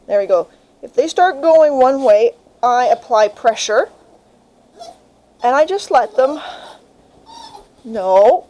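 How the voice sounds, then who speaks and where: Woman, young adult, casual vlog, calm explaining, mellow voice, handheld camera mic, kitchen. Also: slow, pauses often, rough recording. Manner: calm explaining, high sing-song praise to puppy. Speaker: dog breeder. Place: home kitchen, indoors.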